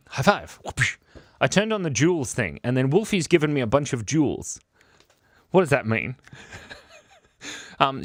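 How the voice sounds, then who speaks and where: A man's voice: medium pitch, dry recording. Goofy rambling man on a livestream. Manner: rambling, goofy, joking with chat. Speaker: livestream art host. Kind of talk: casual livestream chat.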